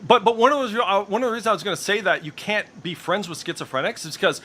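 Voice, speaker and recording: A man's voice: high-pitched, fast talker, pushed and bright. A middle-aged man streaming in casual voice chat, ranting with heavy profanity and strong opinions.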